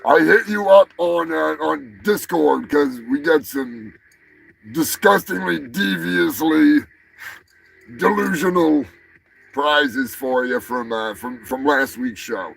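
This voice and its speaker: Man, livestream host, raised pitch, loud mock-angry ranting, swearing. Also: slow, vocal fry, poor audio. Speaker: livestream comedy news host. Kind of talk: crude ranting livestream banter.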